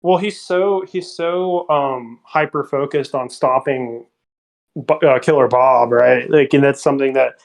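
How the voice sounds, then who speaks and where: A man talking about films on a podcast, animated, with many fillers, often acting out lines. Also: mid-range voice, measured pace, vocal fry. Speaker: podcast co-host or guest. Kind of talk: casual film discussion.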